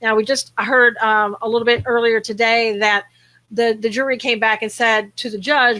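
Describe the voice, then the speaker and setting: Woman, talk show host, bright tone, slightly high pitch, chatty, laughs a lot. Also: steady tone, moderate pace. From American South. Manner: chatty, laughs often, greets viewers by name. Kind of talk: casual chat.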